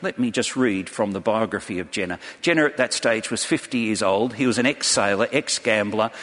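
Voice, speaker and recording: Husky-voiced preacher in a reverberant hall. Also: male voice, mid-range voice, fairly bright tone. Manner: earnest storytelling with direct questions to the congregation. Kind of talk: sermon. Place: church hall before a large congregation.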